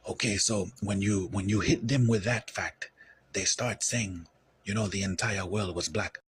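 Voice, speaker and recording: A man's voice: lowish voice, fairly even intonation, a little slow, slight background noise. A man from Ethiopia lecturing in an explanatory way, often repeating "you see". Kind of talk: lecture-style talk.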